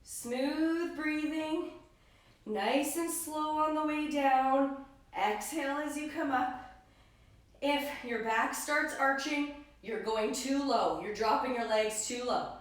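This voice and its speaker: A woman's voice: high voice, distant mic. A woman fitness trainer leading a live home workout, cueing breath and form and encouraging her followers. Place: living room at home. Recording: very echoey room, voice off-mic.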